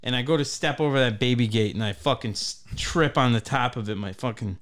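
A man in his thirties, hosting a podcast, tells a rambling, profane story in casual chat. His mid-range voice moves fairly quickly and gets animated as the story unfolds.

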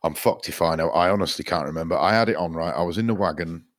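A man's voice: deep voice, fast, no room sound, clean studio sound. A man, co-hosting a podcast, telling rambling stories with lots of swearing. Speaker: podcast co-host. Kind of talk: casual chat.

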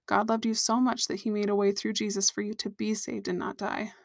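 A woman's voice: mid-range voice, little pitch movement, brisk, vocal fry, no room sound, studio quality. A woman hosting a Christian podcast, sharing a personal story and teaching in an earnest, direct way to her listeners.

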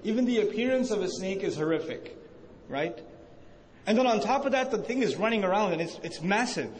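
A man's voice: high-pitched, expressive, a little fast. A man teaching a religious lecture to a live audience, asking them questions and answering himself, acting out quoted lines with emphasis. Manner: acts out quoted speech with rising emphasis. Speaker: Islamic teacher. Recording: echoey hall with faint noise.

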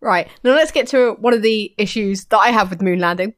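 A woman's voice: mid-range voice, fairly quick, no room sound. A woman co-hosting a casual podcast chat, playful and jokey, laughing often. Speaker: podcast co-host.

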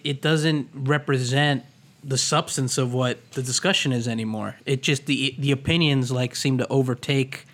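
A man's voice: mid-range voice, a bit bright. A man co-hosting a podcast in casual, playful chat from the Philadelphia area, restarting sentences as he goes. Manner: playful, jokey, restarts often. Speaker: podcast co-host.

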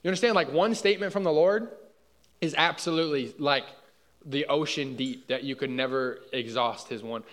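A man's voice: a little high, normal speed, fairly bright tone. A young man preaching a conversational sermon in a church hall, casual and often checking in with his listeners. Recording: long hall reverb.

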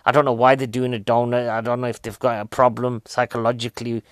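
A stand-up comedian talks through a rambling comic monologue. He keeps putting questions to his listeners and drifts off into tangents. His voice sits at an ordinary middle pitch, recorded dry and close with no room sound. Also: flat delivery, quick pace, no echo. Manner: chatty, asks the audience questions, goes off on tangents. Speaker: stand-up comedian reviewing a film.

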